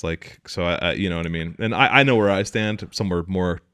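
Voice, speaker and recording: A man's voice: sits low, fast, hardly any pauses, fairly bright tone, no echo, clean studio sound. A man from Louisiana with a light Louisiana accent, a little drunk, rambling and restarting in casual podcast chat.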